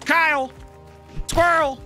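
A man hosting a let's play, talking loudly and profanely in casual gaming commentary. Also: very high voice, fairly even intonation, extremely slow, faint music behind. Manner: loud, profane, frequent shouting and laughter.

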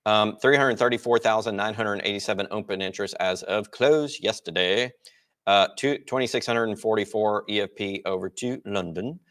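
Low-voiced man explaining markets. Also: normal speed, a bit bright. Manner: casual, explanatory, walks through charts. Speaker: market report host. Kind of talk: financial market commentary.

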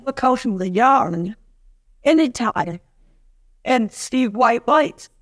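A woman's voice: on the high side, animated, slow pace. A woman in the audience answering in a giggly, rambling way. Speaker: audience member. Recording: room full of audience voices.

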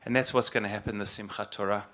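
A middle-aged man, a rabbi, giving an earnest, halting spoken address and repeating phrases for emphasis. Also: on the low side, fairly even intonation, a bit bright.

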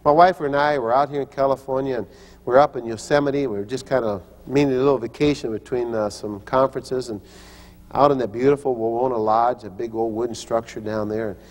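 A man's voice: mid-range voice, fairly even intonation, brisk. Older man preaching in a reverberant hall. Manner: storytelling, acts out quoted voices, frequent restarts. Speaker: pastor and teacher. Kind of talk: sermon with personal stories.

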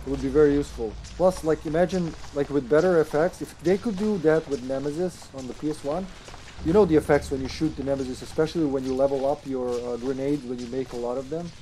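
Chatty male game streamer, dark voice. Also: medium pitch, a little hiss or hum. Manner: animated, swears, puts on quick voices. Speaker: streamer playing a survival horror game online. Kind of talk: casual gaming chat.

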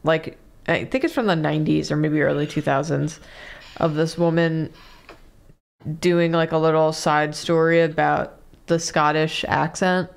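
A woman with a slightly low voice, retelling a funny clip to friends in a chatty, animated way. Her delivery is loose and conversational, with small restarts along the way. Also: measured pace, vocal fry. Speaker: show regular. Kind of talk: casual chat, storytelling.

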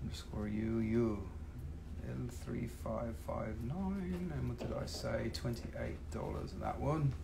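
Gravelly, excitable man selling rocks live. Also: mid-range voice, slow, background noise. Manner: excitable, hyping, swearing freely. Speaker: live-stream rock and mineral seller. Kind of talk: live-stream sales chat.

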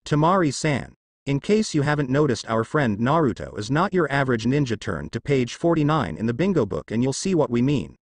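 A man's voice: medium pitch, big pitch swings, brisk, dry recording. A man voicing an amused young ninja guy. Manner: mirthful. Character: amused, laid-back young male ninja.

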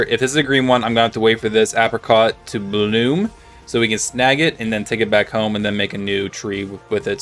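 A man's voice: fairly low pitch, fairly bright tone. A man casually commentating his own gameplay as a channel host, rambling and chatty, with lots of filler words and restarts. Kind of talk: casual let's-play commentary.

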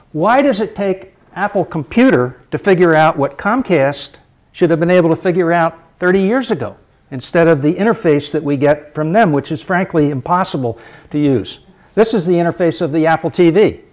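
A middle-aged man giving a public lecture, lively and emphatic, repeating his key points for effect. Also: fairly high pitch.

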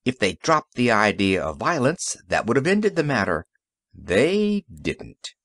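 A man voicing a calm, confident inventor in an audiobook, speaking briskly and matter-of-factly. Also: medium pitch, dry recording, clean studio sound, heavily acted. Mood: assured. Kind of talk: audiobook character reading.

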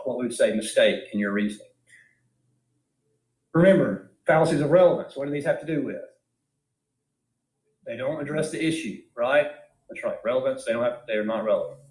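A man's voice: on the high side, a little mellow. A man giving an informal philosophy lecture in an emphatic way, asking his class many rhetorical questions. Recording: echoey room.

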